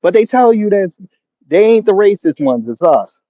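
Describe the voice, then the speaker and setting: A man's voice: sits high, sing-song, normal speed, no room sound. Mocking man hosting a livestream. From Jamaica. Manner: mocking, sarcastic, laughs at chat commenters. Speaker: livestream host. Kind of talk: casual livestream chat reading comments. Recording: dull lo-fi stream audio.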